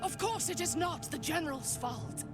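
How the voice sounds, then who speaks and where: A woman's voice: sits high, expressive, moderate pace. A woman voicing a haughty female drow commander who insists, with indignation, that the blame is not hers. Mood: defensive. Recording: video game audio with music.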